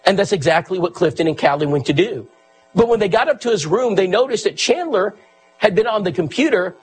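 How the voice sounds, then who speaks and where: A man's voice: high-pitched, sing-song, a little fast, soft background music, rough recording. A man preaching a sermon, telling a story with earnest emphasis and quoting the people in it.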